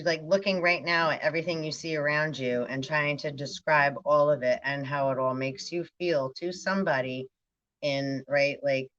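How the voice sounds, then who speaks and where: A woman's voice: sits low, a bit bright, highs cut off. A woman giving a rambling spiritual monologue, talking in a stream of consciousness and often checking in with "right". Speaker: spiritual vlogger.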